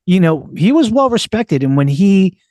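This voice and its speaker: A man's voice: sits high, sing-song, normal speed, a little mellow, no room sound. A man hosting a podcast, chatting casually and rambling with many fillers. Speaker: podcast host. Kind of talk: casual chat.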